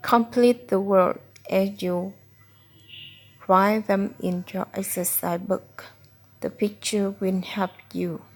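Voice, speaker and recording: A woman slowly reading out a children's phonics book word by word, tutoring a child. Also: medium pitch, steady tone. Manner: slow, deliberate word-by-word reading. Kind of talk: slow phonics read-aloud for a child.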